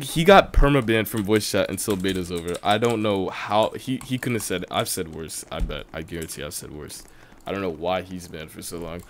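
A young man live-streaming a video game, reading his chat aloud and reacting with loud outbursts and quiet mumbling. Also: low-pitched. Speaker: livestreamer. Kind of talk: casual live-stream chatter while gaming.

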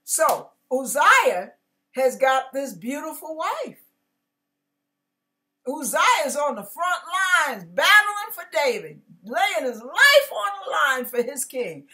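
A woman's voice: high-pitched, sing-song, takes it slowly, bright, forceful tone. A woman pastor giving a casual, conversational sermon, acting out biblical characters and dropping slangy asides.

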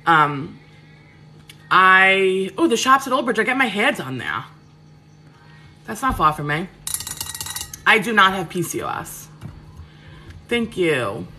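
A woman's voice: mid-range voice, sing-song, takes it slowly, pauses often, pushed and bright, faint music behind. A woman, chatting casually with viewers on a livestream from her home kitchen, frank and full of fillers. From Queens, New York. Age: 30s. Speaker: cooking livestream host. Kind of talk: casual live chat answering viewers.

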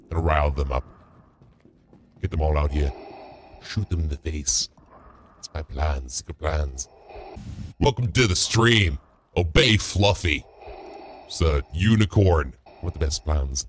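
A man streaming a game while playing a goofy, boastful parody of a dark lord, talking in a slow, self-important, jokey way. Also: rumbling low, slight background noise, voice pushed down. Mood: scheming. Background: music.

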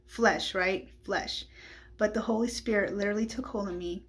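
Woman sharing her faith story, chatty and candid, lots of "like" and "right?", mid-pitched voice. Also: steady tone, moderate pace, slightly rough. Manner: candid, conversational, with frequent "like" and "right?" asides. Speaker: speaker giving a Christian testimony. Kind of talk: personal testimony storytelling.

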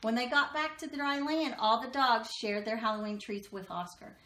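A woman reading a children's picture book aloud, expressive and slowing down for dramatic moments. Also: a little high, slight background noise. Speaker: storybook reader. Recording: echoey room.

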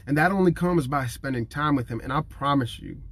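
A man's voice: fairly high pitch, a little fast, fairly bright tone, slightly rough. A man in his thirties preaching to camera in an earnest, conversational way, emotional and near tears. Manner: earnest and conversational, acting out what others say; emotional, fighting back tears.

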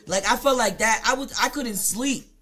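Bright-voiced woman streamer, blunt and profane. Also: a little high, normal speed, soft background music. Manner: blunt, profane, swings between hushed and loud. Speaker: live streamer. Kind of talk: casual confessional storytelling to chat. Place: home, streaming live.

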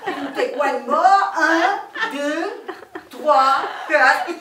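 A woman's voice: sits high, extremely slow, pushed and bright, voice pushed up, heavily acted. A woman voicing a gushing, theatrical French female beauty expert with a put-on French accent. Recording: echoey room, distant mic.

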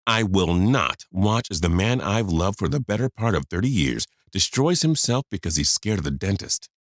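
A furious, fed-up wife in her fifties lashes out in sharp, scolding bursts, as a deep-voiced male reader puts her on. The lines swing up and down with anger. It sounds dry and close, with soft music behind. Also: lively intonation, moderate pace, dry recording. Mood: angry.

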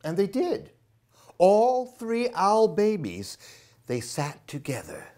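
A woman librarian reading a picture book aloud at a children's storytime, in an expressive, animated voice. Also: medium pitch, takes it slowly.

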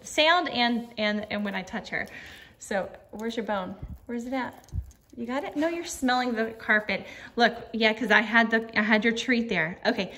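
A chatty, higher-voiced middle-aged woman talks into a phone camera held in landscape mode in her apartment living room. She switches between easy talk to her viewers and sweet baby-talk to her dog. A faint hiss sits under her voice. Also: moderate pace, sharp tone. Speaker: vlogger. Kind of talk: casual chat.

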